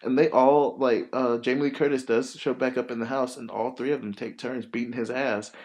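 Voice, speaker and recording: A man hosting a podcast, casually retelling a movie plot in a rambling, profane, animated way full of fillers. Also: medium pitch, fairly quick. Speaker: podcast host.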